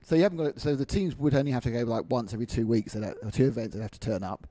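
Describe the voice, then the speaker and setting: A man chatting casually as co-host between races, bantering and joking in quick back-and-forth. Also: mid-range voice, warm tone, no echo.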